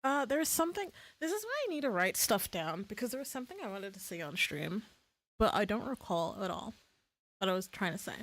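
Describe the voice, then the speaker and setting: A woman's voice: medium pitch, big pitch swings, a little fast, fairly bright tone, no room sound. A woman streaming live in casual chat, playful, laughing often and swearing freely.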